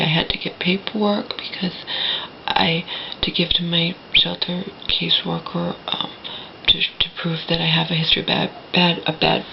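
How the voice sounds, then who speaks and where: A woman's voice: on the low side, gravelly, highs cut off, a little hiss or hum. A woman talking straight to her viewers from a home, rambling with many restarts and dropping into a whisper at times. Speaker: vlogger. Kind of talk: personal vlog monologue. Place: indoors at a home.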